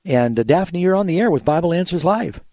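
A man hosting a call-in Bible answers radio show, calmly explaining scripture to callers and telling short anecdotes. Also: a little high, no echo. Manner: explanatory, tells anecdotes, measured.

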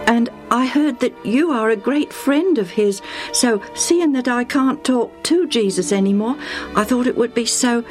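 A woman voicing Lucius, an eager, warmhearted young man who talks gushingly about his feelings. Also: on the high side, a little slow, faint music behind, pitched above the performer's own voice, natural voice. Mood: joyful, earnest.

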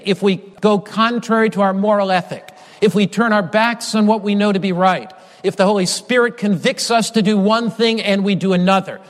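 A man preaching a sermon in an earnest, emphatic way, building his points through repetition. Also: high voice. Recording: long hall reverb.

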